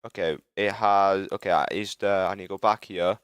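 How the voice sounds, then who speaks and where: With a low-pitched, a bit bright, smooth voice and fairly even intonation, a young livestreamer from Britain fumbles through a building tool while talking to his viewers. His chat is rambling, full of self-interruptions and swearing, and he gets frustrated quickly. The sound is clean studio audio with no room sound.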